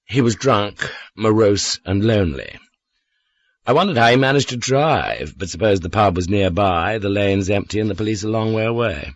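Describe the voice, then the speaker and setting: A man narrates a novel in the first person with a fairly low voice and a measured, unhurried delivery. The recording is dry and close, with no room sound around him. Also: dry recording. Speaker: audiobook narrator.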